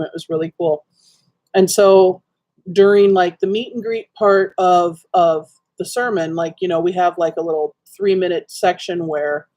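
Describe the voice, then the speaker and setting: A woman's voice: on the low side, mellow. Woman rambling into her webcam at home, lots of ums and likes, just chatting. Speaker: livestream host. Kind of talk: casual chat to viewers. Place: dim room at home.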